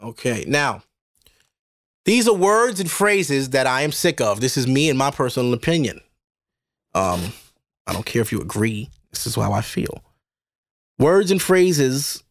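A man's voice: mid-range voice, big pitch swings, unhurried, long pauses, no room sound, studio quality. A man from Brooklyn with a New York accent, hosting a podcast in a rambling, profane, exasperated monologue. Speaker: podcast host. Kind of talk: casual ranting monologue.

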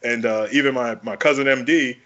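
A man from New York co-hosting a casual podcast, speaking carefully and telling animated stories. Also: mid-range voice, brisk, highs cut off. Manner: animated storyteller, enunciates carefully. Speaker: podcast co-host.

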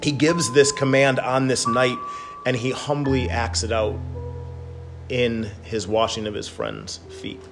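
A man leading a guided contemplative prayer as a pastor, speaking slowly and gently. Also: medium pitch, steady tone. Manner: slow, gentle and soft-spoken. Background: guitar music.

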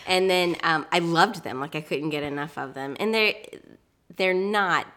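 A woman's voice: lowish voice, normal speed, fairly bright tone. A woman co-hosting a podcast in casual chat, talking animatedly and restarting her sentences. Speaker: podcast co-host.

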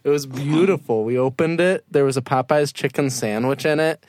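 A man's voice: mid-range voice, moderate pace, darkish tone, no echo. Upbeat guy hosting a podcast, joking around, mid voice, dry sound. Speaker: podcast host. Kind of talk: casual podcast chat.

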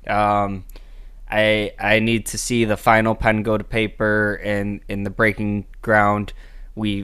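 A man co-hosting a casual sports podcast, talking in a measured, easygoing way. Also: on the low side, a bit bright, clean tone. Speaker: podcast co-host.

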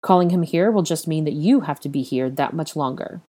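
A woman's voice: low-pitched, brisk, mellow. A woman reading as a stern young wizard investigator. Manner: firm, blunt and demanding.

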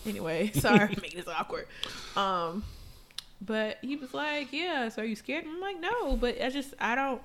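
A woman co-hosting a casual chat, telling stories in a frank, profane, animated way. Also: fairly high pitch, moderate pace, a little hiss or hum. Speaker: podcast co-host.

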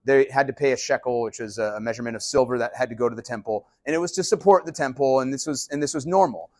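A male pastor giving a casual, animated sermon. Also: medium pitch, fast, no echo. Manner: animated, conversational preaching.

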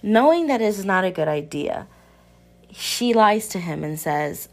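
A young woman casually recapping a romance novel for viewers, candid and animated, swearing freely, her pitch leaping up when she reacts. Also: measured pace, gravelly. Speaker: book reviewer. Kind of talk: casual book recap chat.

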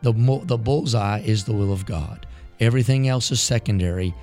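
A man's voice: lowish voice, moderate pace, dark tone, faint music behind. A man who is a pastor, preaching a sermon built on repeated rhetorical questions.

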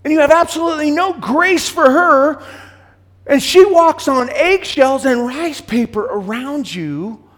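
A middle-aged man preaching a sermon to men, earnest and plain-spoken, often repeating words as he goes, sometimes loud and sometimes hushed. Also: very high voice, lively intonation, a little slow, big-room sound. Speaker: pastor.

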